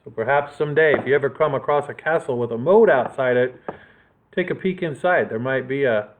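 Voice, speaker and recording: This storytime read-aloud features a male librarian with a medium-pitched voice, going a little fast as he dramatically tells a children's adventure story. There's slight background noise and a tinny, phone-like tone.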